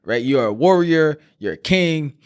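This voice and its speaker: A man's voice: on the high side, animated, unhurried, smooth, dry recording, clean studio sound. A man hosting his own coaching podcast, talking earnestly and directly to listeners, calling them brother, with frequent fillers. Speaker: life coach, podcast host. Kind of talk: direct motivational talk to listeners.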